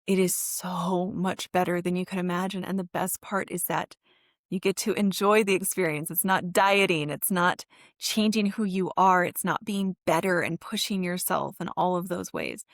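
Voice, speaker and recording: A woman's voice: fairly low pitch, steady tone, moderate pace, no echo, clean studio sound. A woman therapist hosting her own self-help podcast. She talks directly to the listener in an earnest, encouraging, emotionally open way.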